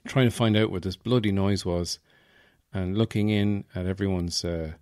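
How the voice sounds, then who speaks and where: A low-voiced Irish man talks through a casual comic monologue, rambling and wry as he pokes fun at himself. The sound is dry and close, with no room around him. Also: steady tone, normal speed, darkish tone, clean tone, dry recording. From Ireland, Offaly. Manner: rambling, wry, self-mocking. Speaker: podcast host.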